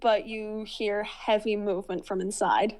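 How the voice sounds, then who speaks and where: A woman narrating a tabletop role-playing game as game master, descriptive and halting with fillers. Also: mid-range voice, little pitch movement, a crowd in the background, poor audio.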